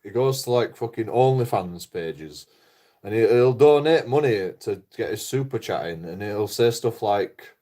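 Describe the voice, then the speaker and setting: A man with a slightly low voice chats loosely on a livestream. He swears freely, loses his thread, repeats himself and chuckles at his own jokes. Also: lively intonation, a little slow, mellow. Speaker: livestreaming vlogger. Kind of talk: rambling casual livestream chat.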